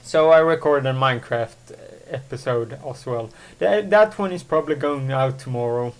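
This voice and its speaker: A man's voice: medium pitch, moderate pace. A man hosting his own solo podcast, rambling with many fillers and self-corrections. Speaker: show host. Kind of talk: casual solo podcast monologue.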